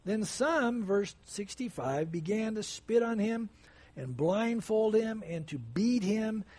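A man's voice: high-pitched, animated, slow, a little mellow. A male pastor preaching an expository sermon, conversational and emphatic, with sudden surges of intensity.

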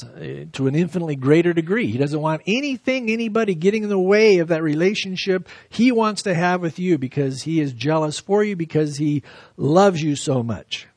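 A man preaching a verse-by-verse sermon, reading scripture slowly and then explaining it with lively emphasis. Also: fairly high pitch, no echo, clean studio sound. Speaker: pastor. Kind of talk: expository sermon.

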